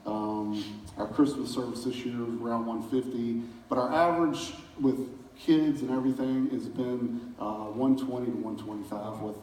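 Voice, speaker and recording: A pastor giving a casual church talk, telling folksy stories with chuckles in a community center hall. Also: male voice, medium pitch, steady tone, moderate pace, darkish tone, a little hiss or hum. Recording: roomy hall from far off.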